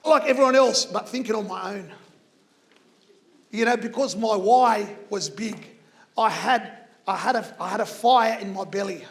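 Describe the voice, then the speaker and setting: A man's voice: sits high, moderate pace, a bit bright. A man, giving an earnest, emphatic motivational talk to students. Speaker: motivational speaker.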